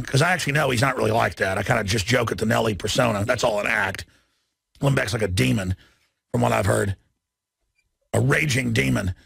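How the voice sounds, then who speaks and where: Combative male talk radio host, gravel-heavy, husky, ranting. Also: medium pitch, dry recording. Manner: combative, mocking, rising to shouts. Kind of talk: ranting monologue.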